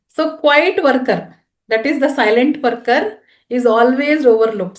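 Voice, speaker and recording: High-voiced woman trainer. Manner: asks the audience frequent questions. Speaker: career trainer. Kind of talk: classroom training talk. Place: room with a live audience. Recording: echoey room.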